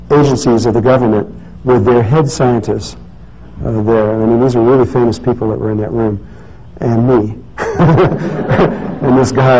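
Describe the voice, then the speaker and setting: A man with a warm, mellow voice tells a story in an easygoing, rambling way, full of restarts and fillers. The recording is dull and lo-fi, with a faint hiss behind him. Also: medium pitch. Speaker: speaker giving a talk. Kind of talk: casual storytelling talk.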